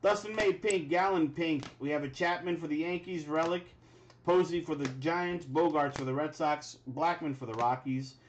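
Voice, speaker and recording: A man's voice: fairly high pitch, normal speed, slight background noise. A man hosting a live sports card break, reading off player names as he opens packs and reacting to big pulls. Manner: rattles off player names, bursts into excited exclamations. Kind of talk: live card-pack opening commentary.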